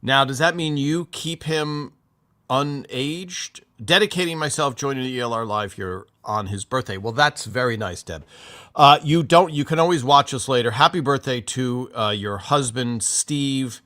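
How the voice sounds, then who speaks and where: A man's voice: medium pitch, normal speed, fairly bright tone. A man hosting a casual livestream, greeting viewers and reading their comments in a rambling, chatty way with many fillers. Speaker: livestream host.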